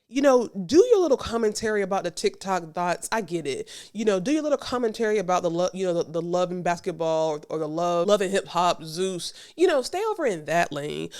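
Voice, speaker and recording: A woman's voice: mid-range voice, a little mellow. A woman hosting a podcast, giving a reaction commentary monologue in an emphatic, sassy way, repeating her points and talking straight to the listener. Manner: conversational, addresses the listener directly. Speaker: podcast host.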